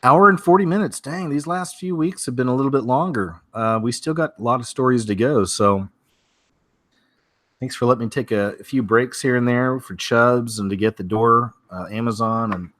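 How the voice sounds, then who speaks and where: A man's voice: medium pitch, normal speed, fairly bright tone, dry recording. A man hosting a weekly strange-news show from home, talking casually and rambling through stories with many fillers and restarts.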